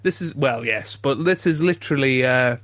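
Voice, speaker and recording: Male co-host, mid-pitch, giggly and self-deprecating, stumbling restarts; dry close mic. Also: normal speed, fairly bright tone, no echo. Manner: self-deprecating, laughs often, stammering restarts. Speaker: podcast co-host. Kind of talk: casual comedy chat.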